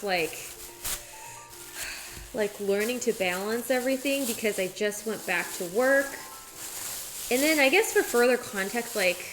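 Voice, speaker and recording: A young adult woman streaming as she cooks in her home kitchen, chatting casually and rambling with lots of "like" fillers. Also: medium pitch. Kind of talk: casual chat while cooking.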